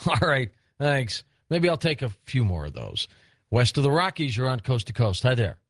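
A man's voice: mid-range voice, sing-song, normal speed, no echo, clean studio sound. A man hosting a late-night call-in radio show, joking lightly with callers. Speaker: radio host.

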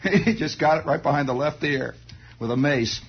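A man's voice: on the high side, lively intonation, normal speed, very noisy. A man telling a rambling comic monologue in a wry storytelling manner, throwing in sound effects. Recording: dull lo-fi recording.

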